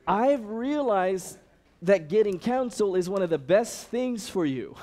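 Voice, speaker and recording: A man's voice: high-pitched, unhurried. A man giving a sermon-style talk as a ministry director, telling stories conversationally and acting out the people he quotes. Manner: animated storytelling, acts out quoted people; conversational, frequent fillers.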